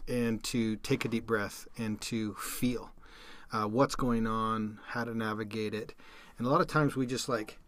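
A man's voice: medium pitch, fairly bright tone, dry recording. Male podcast host, mid-range voice, dry room, thoughtful and conversational. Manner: reflective, drawing life lessons. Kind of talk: conversational interview.

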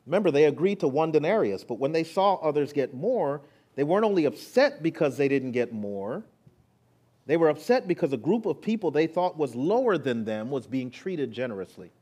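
A male pastor preaching a sermon, moving between hushed, intimate lines and rising, emphatic ones. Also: on the high side, sing-song, a little fast, slightly rough.

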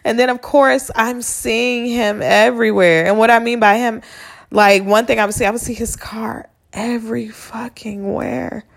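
A woman's voice: a little high, fairly even intonation, normal speed, creaky. A woman hosting her own podcast, telling a personal story in a candid, blunt, conversational way, swearing freely and talking straight to the listener. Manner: conversational, addresses listener directly. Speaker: podcast host. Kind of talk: casual solo storytelling monologue.

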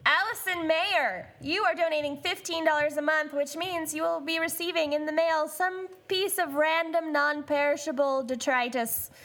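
A woman's voice: high voice, normal speed, hardly any pauses, a bit bright. A woman co-hosting a podcast, reading supporter names in goofy, jokey casual chat. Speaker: podcast co-host.

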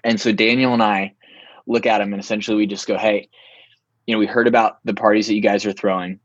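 Husky young man telling a story. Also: lowish voice, no room sound, muffled recording. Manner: animated, filler-heavy, lots of "like". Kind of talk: casual storytelling.

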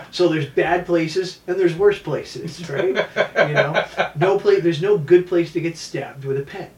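A man's voice: fairly high pitch, slow pace. A martial arts instructor tells stories in a casual way and acts out the people in them. He sits a bit back from the mic, so his voice carries an echo off the room walls. A faint hum of ambience sits underneath. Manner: animated storyteller acting out quotes. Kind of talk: casual storytelling interview. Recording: echoey room, mic at a distance.

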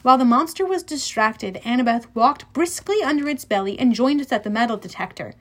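High-voiced woman narrating an audiobook. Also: brisk, few pauses. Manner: lively first-person storytelling.

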